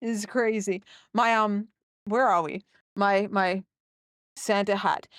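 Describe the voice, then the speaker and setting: A woman's voice: medium pitch, fairly even intonation, slow pace, no echo, studio quality. Chatty young woman streaming live. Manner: chatty and rambling, talking to chat. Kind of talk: casual live gameplay stream chat.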